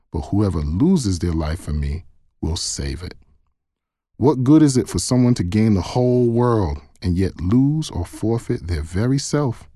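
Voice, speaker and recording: A man reading the words of Jesus, a calm, authoritative male teacher, in a solemn, earnest way. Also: on the low side, no room sound, clean studio sound.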